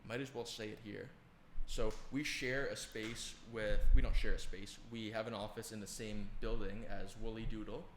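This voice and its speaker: A young man co-hosting a podcast, chatting in a relaxed, rambling way with plenty of fillers. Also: on the low side, normal speed, few pauses, echoey room, slight background noise. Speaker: podcast co-host. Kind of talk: casual chat.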